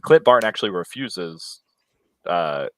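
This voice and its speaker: Deep-voiced blunt man chatting casually. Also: big pitch swings, measured pace, a bit bright. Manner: blunt, profane, mocking voices when quoting. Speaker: co-host. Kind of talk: casual livestream chat.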